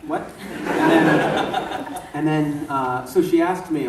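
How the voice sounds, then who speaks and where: A man voice actor telling animated, laughing stories to a convention panel audience. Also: a little high, takes it slowly, very noisy. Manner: laughing, acts out voices mid-story. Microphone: far from the mic. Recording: echoey room from far off.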